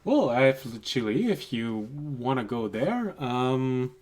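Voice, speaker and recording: A man acting as game master, narrating and speaking for characters, hesitant and full of pauses. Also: medium pitch, sing-song, a little mellow. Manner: hesitant, full of ums and restarts.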